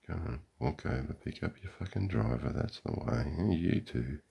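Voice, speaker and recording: Gravelly, deep-voiced Australian man mocking golfers. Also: expressive, moderate pace, mellow. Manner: sarcastic, mocking, profane. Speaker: vlogger. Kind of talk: live running commentary. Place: outdoors beside a golf green.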